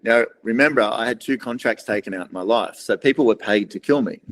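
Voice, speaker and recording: A man's voice: lowish voice, a little fast, fairly bright tone, a little hiss or hum, poor audio. A middle-aged man with an Australian accent, a podcast guest telling rambling stories in casual talk and acting out what others said. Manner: rambling, acts out other people's lines in quoted voices. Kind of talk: casual storytelling interview.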